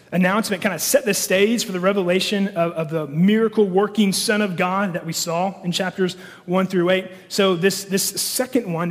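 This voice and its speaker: Male pastor, higher pitch, casual sermon delivery with frequent fillers; long reverb of a church hall. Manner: conversational, many fillers and restarts.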